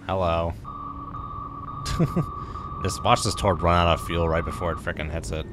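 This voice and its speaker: Deep-voiced joking game streamer. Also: male voice, a little slow, noisy background. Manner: joking, excitable, talks to chat. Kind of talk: casual gameplay commentary. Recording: voice over game music.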